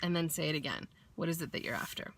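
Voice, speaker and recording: A woman's voice: sits low, expressive, fast. A woman vlogging in a casual motivational way, chatty and blunt, swearing freely and acting out little quotes.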